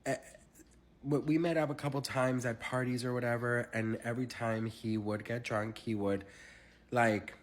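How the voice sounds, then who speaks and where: A young man dishing a storytime vlog in a mid-range voice. He talks in a sassy, dramatic way, full of fillers and quick asides to his viewers. The delivery stays chatty and close. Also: mid-range voice, fairly even intonation. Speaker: celebrity gossip vlogger.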